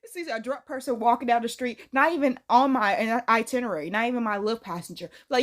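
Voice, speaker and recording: A young woman hosting a reaction video. She gives casual, sassy, slang-filled commentary and often jumps into high put-on voices. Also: fairly quick, few pauses, a bit bright.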